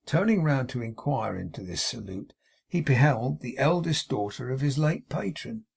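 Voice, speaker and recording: A man with a gravelly, husky voice reading a classic novel aloud in a steady, measured way. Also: medium pitch. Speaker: audiobook narrator.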